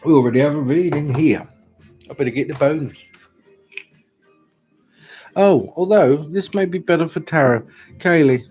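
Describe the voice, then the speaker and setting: A man's voice: fairly high pitch, normal speed, pauses often, warm tone, faint music behind. A British man hosting a live tarot-reading stream, chatting casually with dry, self-mocking humour. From Britain. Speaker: tarot reader host.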